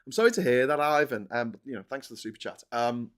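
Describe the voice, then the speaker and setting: A man hosting a live stream, rambling and animated, laughing and swearing as he chats and reads out viewer messages. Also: mid-range voice, fast, clear, resonant tone.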